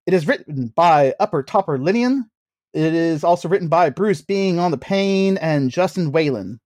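High, lively joking male host. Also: moderate pace, no echo. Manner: jokey, laughs often, teasing. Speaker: podcast host. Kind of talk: casual comedic movie review chat.

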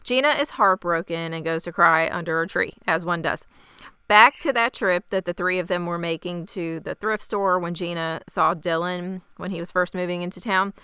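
A woman's voice: fairly low pitch, moderate pace, bright, forceful tone, clear, resonant tone, no echo, studio quality. A woman hosting a podcast, casually recapping an episode from her notes in a chatty, wry way. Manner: chatty and wry, laughs easily. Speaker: podcast host.

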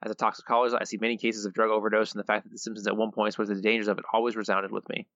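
Brief: bright, playful male podcast co-host, dry and slightly dull recording. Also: on the low side, flat delivery, rapid-fire, no echo. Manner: reads quotes with playful voices and laughs. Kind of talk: casual chat reading listener quotes.

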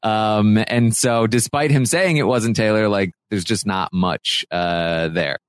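A man's voice: lowish voice, clean tone, no echo. A man hosting a podcast, casually recapping a reality show and paraphrasing what the houseguests said, with plenty of fillers. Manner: retells houseguests' talk in quick paraphrased quotes, with fillers.

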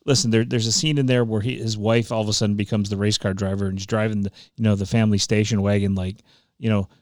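A man's voice: on the low side, little pitch movement, fast, darkish tone, no room sound, clean studio sound. A man co-hosting a podcast, giving emphatic, opinionated views on a movie in casual chat. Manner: opinionated, emphatic, frequent restarts. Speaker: podcast co-host.

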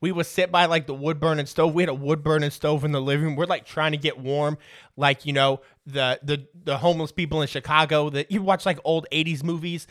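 A man's voice: on the high side, steady tone, a little fast, a bit bright, no room sound, studio quality. A man in his thirties hosting a podcast, telling casual stories, swearing freely and laughing through them. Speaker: podcast host. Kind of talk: casual storytelling.

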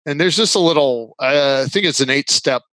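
A man's voice: a little high, fairly quick, sharp tone, dry recording. A man guesting on a podcast as a business consultant, explaining his views earnestly in casual interview talk, with a dry sarcastic streak. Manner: earnest, sarcastic at times, laughs while explaining.

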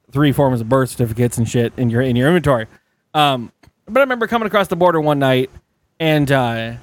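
A man's voice: mid-range voice, no echo. A man in his thirties hosting a casual podcast, telling anecdotes with lots of swearing and acting out the voices of the people in them. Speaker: podcast host. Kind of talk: casual chat, storytelling.

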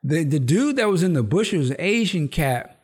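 A man with a fairly high, slightly rough voice hosts a casual podcast chat at normal speed, recapping a TV episode with slang and swearing. He's an animated storyteller, acting out the characters' lines in raised voices.

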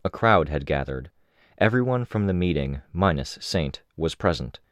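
Deep-voiced man narrating a novel. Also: animated, moderate pace, dry recording, clean studio sound. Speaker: audiobook narrator. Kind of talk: first-person novel narration.

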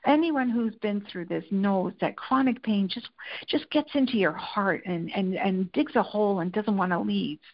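Give me a woman guest telling a personal story in an animated way, with slightly dull sound. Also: mid-range voice, moderate pace. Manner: animated, tells anecdotes with acted-out quotes. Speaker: interview guest, lifestyle and food editor. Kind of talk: candid conversational storytelling.

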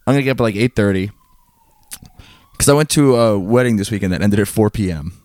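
A man's voice: on the low side, quick pace, darkish tone, no echo, clean studio sound. A young man co-hosting a podcast in casual, crude, joking chat. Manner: crude, joking, swears a lot. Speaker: podcast co-host.

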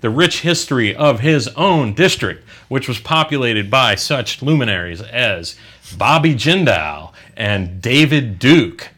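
A man's voice: medium pitch, animated, a bit bright, breathy edge. A man from Louisiana, a radio host, talking politics in a sarcastic, casual way. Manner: sarcastic, drawn-out pauses.

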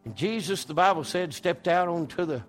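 A man preaching a folksy, storytelling sermon that swings between loud and hushed. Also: high-pitched, lively intonation, normal speed, soft background music.

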